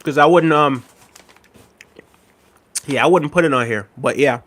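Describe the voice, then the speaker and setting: A man's voice: a little high, unhurried, a bit bright. A young man casually chatting with his livestream viewers, rambling and laughing often as he reads their comments. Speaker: livestream host.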